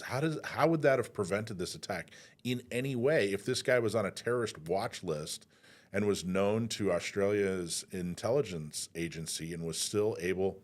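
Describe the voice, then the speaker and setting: A man hosting a talk radio interview, conversational, with restarts, building to pointed questions. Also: lowish voice. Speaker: host.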